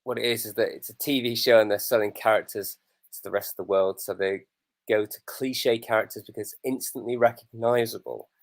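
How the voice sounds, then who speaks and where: A man's voice: on the low side, fairly even intonation, a little fast. Cheeky man bantering. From England. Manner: cheeky joking, telling anecdotes. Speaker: co-host of a wrestling watch-along. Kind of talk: casual banter.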